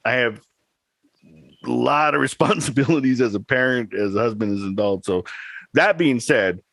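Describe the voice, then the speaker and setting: A man's voice: mid-range voice, normal speed, gravelly, a bit bright, no room sound. A man in his thirties, a podcast co-host, chatting casually and telling a rambling story with laughs. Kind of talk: casual chat.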